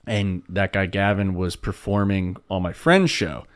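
A man's voice: deep voice, measured pace, clear, resonant tone, no room sound, clean studio sound. A young man from Pennsylvania, a comedian, chatting casually on a podcast and telling rambling, swearing stories. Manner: rambling, swearing, animated storytelling with voices.

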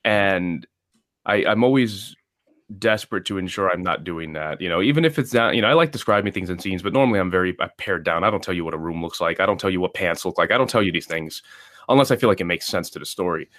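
Guest author, man, low voice, dry sound, chatty and self-mocking. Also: quick pace, fairly bright tone, dry recording. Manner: laughs often, loose and self-mocking. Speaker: novelist guest. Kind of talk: casual interview chat.

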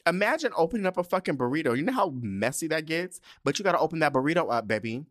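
A man hosting a solo podcast, telling a heated, profane story about fast food with exasperated asides. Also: on the high side, sing-song, fairly bright tone. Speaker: podcast host. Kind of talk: casual solo podcast rant.

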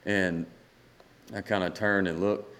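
Deep-voiced man telling a long story. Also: little pitch movement, takes it slowly, fairly bright tone. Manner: rambling anecdotes acting out quoted dialogue. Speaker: guest singer-songwriter. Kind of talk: casual storytelling in a podcast chat.

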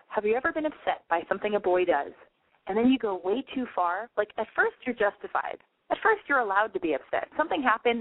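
Lady host rambling and cussing casually, sounds like a thin phone line, no room echo. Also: mid-range voice. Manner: chatty, rambling, frank and profane. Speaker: podcast host. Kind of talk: casual confessional monologue.

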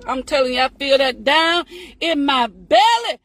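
A woman's voice: sits high, expressive, a little slow, a bit bright, no room sound. A woman hosting a live stream, giving a motivational morning pep talk in a preachy, sing-song way, calling out praise and calling her listeners honey.

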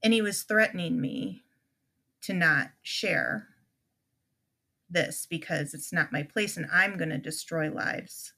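A woman's voice: lowish voice, slow pace, creaky, sharp tone. A middle-aged woman, a podcast guest, telling an emotional personal story with many restarts and quoted conversations.

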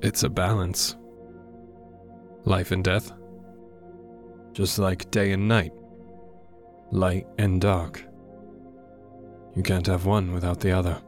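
A man speaking in character at a tabletop game, calm and reflective. His voice is very deep and his pace slow. Faint music sits under him. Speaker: player.

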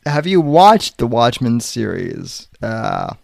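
A man hosting a casual podcast over an online call, speaking slowly and deliberately with pauses and fillers. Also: mid-range voice, sing-song, creaky, darkish tone, dry recording. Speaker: podcast host.

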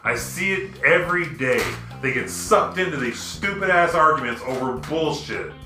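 A man with a bright, forceful voice pitched a little high talks animatedly, swearing freely as he tells a story and drifts into a rant. He sounds like the host of a casual podcast, recorded in an echoey room. Faint music plays underneath. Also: moderate pace. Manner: animated, profane storytelling and ranting. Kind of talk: casual chat.

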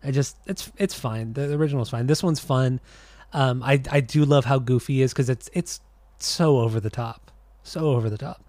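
A man's voice: mid-range voice, moderate pace, darkish tone, no echo. A man co-hosting a podcast in casual chat, laid-back and rambling with many restarts. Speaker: podcast co-host.

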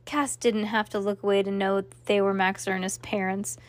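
A woman's voice: medium pitch, flat delivery, moderate pace, dry recording. A woman reading a children's novel aloud, stopping now and then to chat and react to the story. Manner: chatty, breaks off to react to the story. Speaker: reader.

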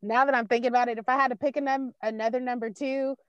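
A woman co-hosting a podcast, chatting casually in a blunt, profane, animated way and acting out her own reactions. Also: fairly high pitch, quick pace, clean tone, no echo, dull audio. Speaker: podcast co-host.

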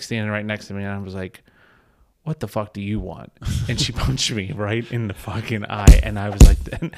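A man's voice: fairly low pitch, darkish tone, slight background noise. A man telling a rambling, profane bar story in casual podcast chat, laughing often.

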